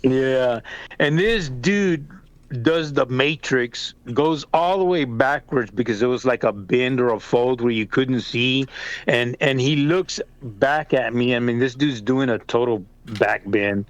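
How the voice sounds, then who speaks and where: A man's voice: mid-range voice, a little slow, muffled recording. Older man telling a rowdy story. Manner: animated, swearing, laughing through the story. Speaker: storyteller on a family podcast. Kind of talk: casual storytelling chat.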